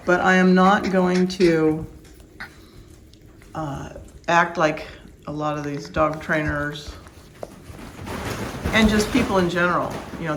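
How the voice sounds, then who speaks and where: A woman's voice: deep voice, fairly bright tone, a little hiss or hum, poor audio. Firm, plain-spoken woman breeder. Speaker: dog breeder. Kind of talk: casual instructional vlog.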